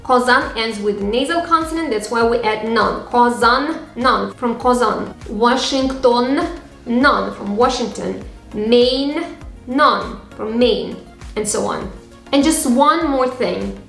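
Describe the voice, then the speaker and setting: A woman's voice: fairly high pitch, takes it slowly, vocal fry, a bit bright. A woman from Tatarstan, teaching a phrasebook lesson and repeating each example sound by sound. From Tatarstan, Russia. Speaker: language teacher. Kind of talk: slow, careful phrasebook lesson. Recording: echoey room with faint music.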